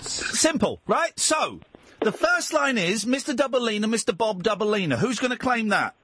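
Male late-night radio host, high animated voice, bossy and exasperated, laughs easily, studio mic. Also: normal speed, a little hiss or hum. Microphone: studio microphone.

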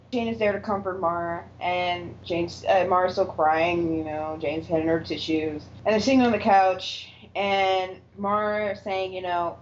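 A woman co-hosting a casual chat about a TV episode, acting out characters' lines and laughing often. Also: mid-range voice. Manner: animated, acts out quoted lines, laughs often. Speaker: podcast co-host. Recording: dull lo-fi sound with faint noise.

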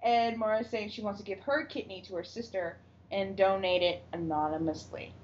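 A woman's voice: medium pitch, moderate pace, slight background noise. A woman casually recapping a TV episode, acting out the characters' lines and laughing often. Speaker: podcast co-host recapping a TV episode. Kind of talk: casual chat. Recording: dull lo-fi recording.

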